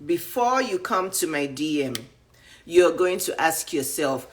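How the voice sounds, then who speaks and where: A woman in her fifties with a Nigerian accent, giving a casual motivational talk to viewers, animated and full of rhetorical questions. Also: deep voice, measured pace. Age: 50s. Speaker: dating and image coach. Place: live stream.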